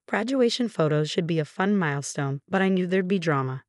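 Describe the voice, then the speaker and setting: Even, steady woman narrator for a first-person story; low-pitched, dry. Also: fairly quick, no echo.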